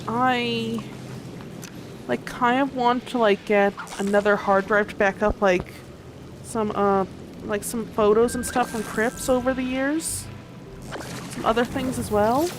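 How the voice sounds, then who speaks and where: A young woman streamer with a fairly high voice chats loosely while she plays, trailing off and restarting her sentences. She sounds a little sleepy, and soft game music plays faintly behind her. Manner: rambling, chatty, many fillers and restarts. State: sleepy, yawning. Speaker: gaming streamer. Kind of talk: casual livestream chat while gaming.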